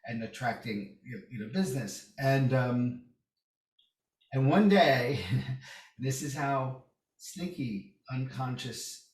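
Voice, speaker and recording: A man's voice: mid-range voice, slow. A man guest in a casual podcast chat, telling stories with energy and acting out the voices of people he quotes. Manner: animated, acts out quoted voices. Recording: roomy echo, distant mic.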